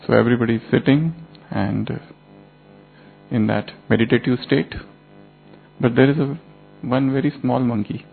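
Gravelly man telling a moral fable. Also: medium pitch, steady tone. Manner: slow storytelling in short phrases. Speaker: spiritual teacher. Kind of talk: sermon with a told fable. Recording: tinny phone-like line, faint music.

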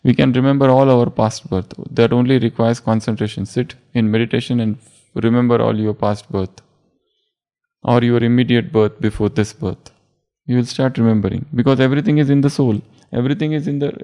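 A man giving a spiritual discourse as a teacher, unhurried and repeating words for emphasis. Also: mid-range voice, warm tone, lo-fi sound.

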